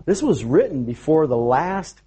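A man preaches a sermon in a somewhat high, husky voice. His pitch swings widely as he tells his story with animation, stumbling and restarting his words along the way. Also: animated, a little slow, warm tone. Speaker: pastor.

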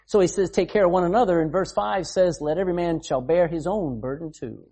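A man's voice: on the high side, a little fast, mellow, husky. A man preaching a sermon as pastor, emphatic, reading scripture aloud and explaining it.

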